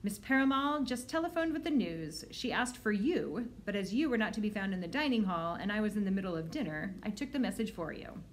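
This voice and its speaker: A woman's voice: mid-range voice, expressive, fairly quick, few pauses, close to an everyday voice. A woman voicing a fussy, pompous, thin male orphanage director, reading him aloud from a storybook.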